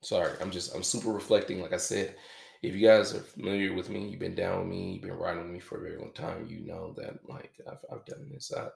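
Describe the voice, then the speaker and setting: A man hosting a podcast, talking in a halting, reflective, casual way with some swearing. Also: sits low, little pitch movement, gravelly, darkish tone. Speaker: podcast host. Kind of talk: confessional podcast monologue. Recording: echoey room.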